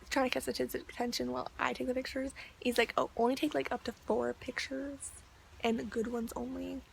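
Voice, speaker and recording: A woman's voice: high-pitched, creaky, a little hiss or hum. A young woman ranting in a video diary, chatty and exasperated, with lots of "like". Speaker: vlogger.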